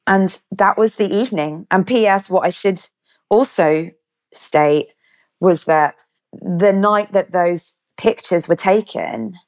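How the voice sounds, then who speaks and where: A woman's voice: mid-range voice, slow, darkish tone. A woman, a guest vividly retelling a personal story and acting out the dialogue. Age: 30s. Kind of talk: storytelling in an interview.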